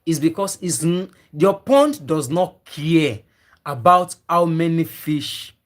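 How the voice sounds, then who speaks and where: A man's voice: a little high, animated, slow pace. Emphatic man teaching a live online class. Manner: emphatic, repeats key points many times; talks to viewers typing in the chat. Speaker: fish farming trainer.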